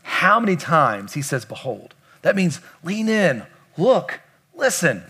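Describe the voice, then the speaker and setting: Male pastor, middle-aged, from kentucky, high voice, emphatic preaching, asks the congregation questions. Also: sing-song, slow pace, a bit bright, breathy edge. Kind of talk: preaching a sermon.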